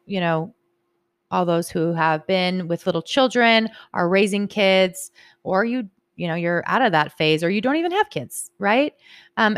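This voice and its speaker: A woman's voice: medium pitch, no echo. Candid swearing woman, dry close sound. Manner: candid, swears freely, animated. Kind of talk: casual motivational talk.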